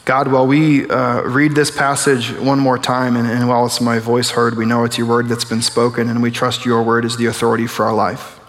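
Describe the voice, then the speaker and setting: Young male pastor, casual preaching with jokes, mid-pitched voice, long church reverb. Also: monotone, a little fast, few pauses. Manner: conversational, joking preacher who acts out little scenes. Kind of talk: sermon. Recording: long reverb of a large hall.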